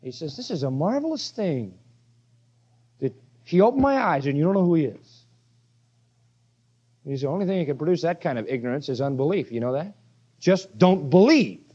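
A man's voice: on the high side, expressive, moderate pace, long pauses, warm tone, slightly rough, muffled recording. A man preaching a sermon verse by verse, emphatic and full of rhetorical questions.

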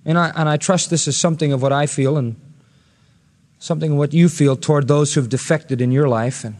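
A man's voice: on the high side, fairly even intonation, a little fast, darkish tone, long reverb tail. A male pastor preaching an expository sermon, earnest and rising to emphatic peaks when quoting scripture.

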